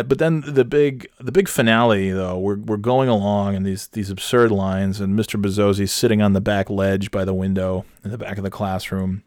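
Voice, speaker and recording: A man's voice: fairly low pitch, a little mellow, dry recording, studio quality. A man telling a personal story in a casual, rambling way, swearing freely and often restarting his sentences. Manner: rambling, profane, with many restarts. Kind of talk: casual anecdote.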